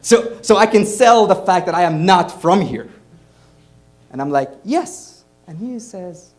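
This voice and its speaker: Male comic and host from Egypt, lively delivery, slightly high voice, acts out characters. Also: normal speed, long pauses, soft background music. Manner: animated, acts out other voices. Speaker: comedian and host. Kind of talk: stand-up storytelling. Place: comedy club stage.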